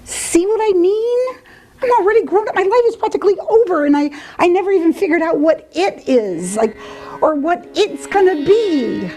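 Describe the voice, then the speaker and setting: A woman's voice: extremely high pitch, lively intonation, moderate pace, warm tone, faint music behind, poor audio. Weary, reluctant woman in puppet skit. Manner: weary, reluctant and self-deprecating. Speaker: puppeteer and spiritual teacher. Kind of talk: comic puppet dialogue.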